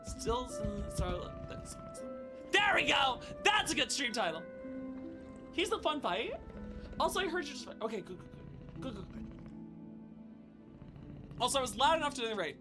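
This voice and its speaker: A young woman streaming a game live, chatting with viewers and exclaiming and shouting as she plays. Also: high voice, big pitch swings, moderate pace, pauses often, music in the background. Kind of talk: live gameplay commentary.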